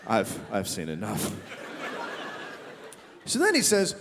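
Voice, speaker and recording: A middle-aged man doing animated stand-up comedy, shouting his acted quotes. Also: on the low side, slow, vocal fry, pauses often. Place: large theater stage. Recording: reverberant theater hall. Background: audience laughter.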